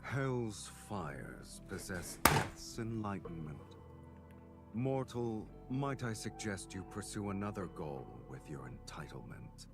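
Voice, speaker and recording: Filtered seductive devil. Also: male voice, fairly low pitch, sing-song, full character voice. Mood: tempting. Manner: slow, theatrical, tempting. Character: seductive male devil, smooth and commanding. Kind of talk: game voice acting. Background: game music.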